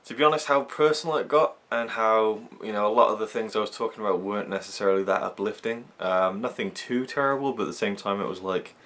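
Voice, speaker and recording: Deep-voiced male vlogger, talks hesitantly and openly to camera. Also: fast, hardly any pauses, a bit bright. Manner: hesitant, candid, many ums. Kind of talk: casual to-camera vlog.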